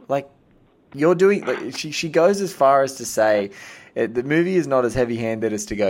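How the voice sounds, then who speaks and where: A man's voice: medium pitch, animated, unhurried. A man hosting a podcast, enthusiastic and thinking aloud with restarts in casual conversation. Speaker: podcast host.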